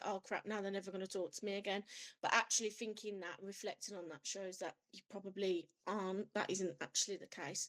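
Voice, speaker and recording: A woman's voice: medium pitch, poor audio. A woman with a mid-range voice speaks as a suicide prevention trainer in an online workshop. She talks in a chatty, rambling, self-deprecating way.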